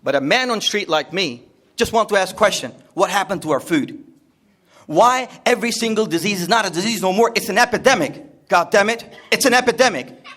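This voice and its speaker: A man's voice: high-pitched, animated, fairly quick, fairly bright tone. A man giving a rambling, jokey talk to a live seminar audience, repeating himself often. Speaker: seminar speaker. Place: seminar room.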